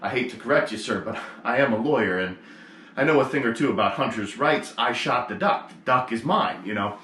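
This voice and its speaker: A man's voice: mid-range voice, animated, a little fast, fairly bright tone, slight background noise, close to an everyday voice. A man voicing a polite male city-slicker lawyer who stammers a little and says sir, in a roomy space. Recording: roomy echo.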